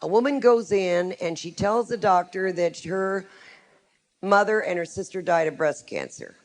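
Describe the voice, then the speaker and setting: Gravelly, wry middle-aged woman lecturing. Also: lowish voice, measured pace. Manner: wry, frank storytelling with humor. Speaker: psychic giving a lecture. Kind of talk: live talk to a group.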